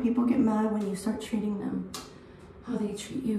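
In a mellow, mid-range voice with a steady tone and moderate pace, a young woman in her early twenties vlogs while getting ready at home, rambling and swearing bluntly. Slight background noise, an echoey room and a distant mic mark the recording.

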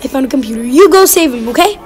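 Jumpy high-voiced woman gamer. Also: rapid-fire, soft background music, poor audio. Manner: excitable, jumpy, giggly, teasing. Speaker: gaming channel host. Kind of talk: casual gameplay chat.

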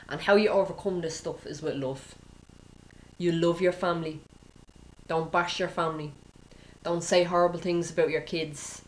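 A woman with a low voice preaches in a loose, conversational way, leaning on "you know" and checking in with "okay?". She slips into little acted prayers to make her points. A faint hum of room noise sits behind her. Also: low-quality recording. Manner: informal, peppered with "you know" and "okay?", acting out quoted prayers. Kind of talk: conversational sermon.

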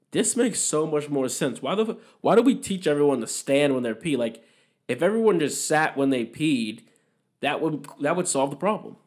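A young man hosting a podcast, talking alone in a candid, opinionated and rambling way, swearing freely. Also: medium pitch. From Massachusetts, USA. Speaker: podcast host. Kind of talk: casual solo podcast monologue.

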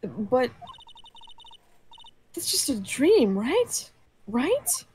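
A woman doing a slow, nerdy young lawyer. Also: high voice, huge pitch swings, a little mellow, a little hiss or hum, heavily acted. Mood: uneasy. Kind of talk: reading game text aloud in character.

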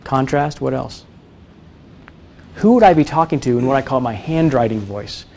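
A man teaching presentation skills to a live audience, energetic and demonstrative, often quizzing the room. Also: mid-range voice, normal speed, creaky. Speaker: presentation coach. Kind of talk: live workshop talk.

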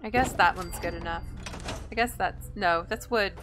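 A woman's voice: lowish voice, moderate pace, music in the background. A woman hosting a gameplay video, chatting and thinking aloud in an indecisive, casual way. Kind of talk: casual let's-play commentary.

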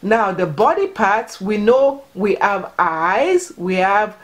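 A vlogger gives children a Yoruba lesson at home, patiently encouraging them and prompting and repeating each word. Her mid-range voice is very animated, and she takes things slowly.

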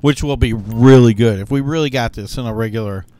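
Male gaming commentator, average pitch, casual and rambling, chatty gameplay talk. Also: a little fast, mellow, dry recording. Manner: rambling, thinks aloud with fillers and restarts. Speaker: gaming YouTuber.

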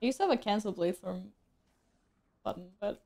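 A woman's voice: medium pitch, moderate pace, dark tone. A woman streaming a game, chatting casually with viewers, joking at her own expense and laughing often. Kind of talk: casual gameplay stream chat.

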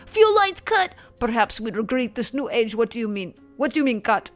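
A woman putting on a gruff panicked old sailor. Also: a little high, big pitch swings, normal speed, soft background music. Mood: dramatic. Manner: dramatic reading with a put-on accent.

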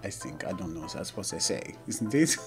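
A man voicing a pretentious young male French artist in an exaggerated fake French accent, speaking slowly and musing in a lowered voice. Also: sing-song, over music.

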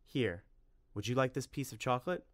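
A man voicing a sweet young girl who coaxes in a high voice, in a storybook reading. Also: moderate pace, no room sound, studio quality, natural voice.

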